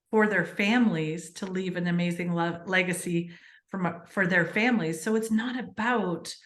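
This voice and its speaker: A woman with a lowish voice appears as a podcast guest, earnestly and animatedly discussing her book in casual interview chat, her stories packed with fillers. The room sounds echoey.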